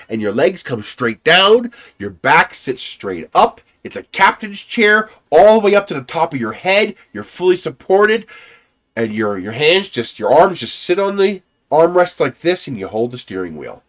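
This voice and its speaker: A man's voice: on the high side, a bit bright. A man casually rambling through personal stories on a livestream, laughing often and swearing now and then. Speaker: livestream host.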